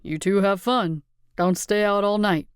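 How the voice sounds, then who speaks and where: A woman's voice: medium pitch, fairly even intonation, unhurried, clean tone, no room sound, studio quality, natural voice. Woman reading a jovial middle-aged dad. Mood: encouraging. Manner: jovial, encouraging. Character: cheerful middle-aged father, encouraging.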